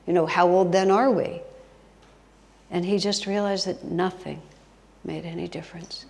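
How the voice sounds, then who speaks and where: Gravelly-voiced woman giving a spiritual talk. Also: fairly low pitch, moderate pace, long pauses. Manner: expressive, drops to whispers for emphasis. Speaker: spiritual teacher, guest speaker. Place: retreat hall. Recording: long hall reverb.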